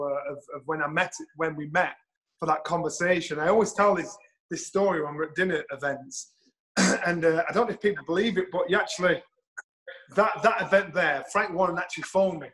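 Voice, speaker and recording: A middle-aged man tells an anecdote with a fairly high voice for a man. He is lively and blunt, swears freely and acts out each quote. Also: a little fast, poor audio. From England. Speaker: guest storyteller. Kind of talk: anecdotal storytelling.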